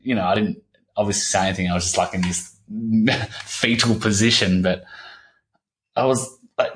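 A man in his thirties talking candidly as an interview guest, halting and repeating himself, swearing casually. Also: fairly low pitch, steady tone. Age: 30s. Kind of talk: candid personal conversation.

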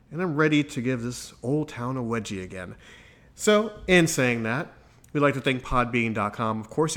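A man's voice: medium pitch, fairly bright tone. A man hosting his own podcast, talking in an upbeat, chatty monologue and reeling off plugs. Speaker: podcast host.

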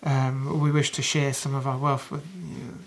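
A man's voice: medium pitch, flat delivery, moderate pace, vocal fry, a little hiss or hum, close to an everyday voice. A man voicing an earnest, grateful leader of a travelling band, who stammers politely as he speaks.

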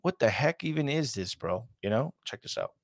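A man talks through his reactions in a casual, slangy way, with fillers in nearly every phrase. His pitch bounces around a lot. The sound is dry and close. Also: animated, normal speed, vocal fry, no echo. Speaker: host.

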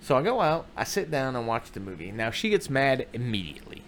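A man telling a funny story in a casual, foul-mouthed way, jumping into loud voices when he quotes people. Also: mid-range voice, brisk, hardly any pauses, a little hiss or hum. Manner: animated, profane, swings into loud quoted voices. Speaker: comedic storyteller.

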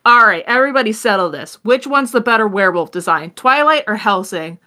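A brash, competitive young guy bosses a room in a tabletop game, as a woman voices him. The delivery is bright and punchy, quick to declare himself right. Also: medium pitch, expressive, pitched above the performer's own voice. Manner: loud, bossy.

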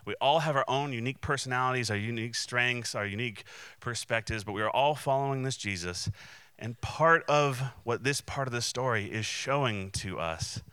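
A man preaching a sermon in an easy, conversational way, often restarting his sentences and briefly acting out the voices in the story. His voice is bright and clear, a little low in pitch. The sound is dry and close. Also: normal speed, dry recording. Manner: conversational, many restarts and fillers; acts out quoted voices. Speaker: pastor.

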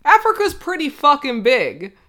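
A woman's voice: sits high, wildly swooping pitch, normal speed, bright, forceful tone. A young woman co-hosting a podcast, giving casual, indignant opinions on a reality show and laughing often. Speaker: podcast co-host.

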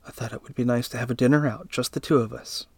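A man's voice: mid-range voice, steady tone, fast talker, darkish tone, husky, no echo. A man voicing a young wife who speaks lightly and breezily to her husband. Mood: breezy. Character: hopeful young wife planning a date.

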